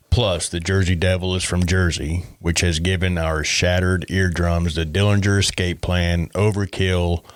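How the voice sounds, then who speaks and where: Deep-voiced man with sardonic jokes. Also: no echo. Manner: joking, sardonic asides. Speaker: podcast co-host. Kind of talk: casual chat reading out stories.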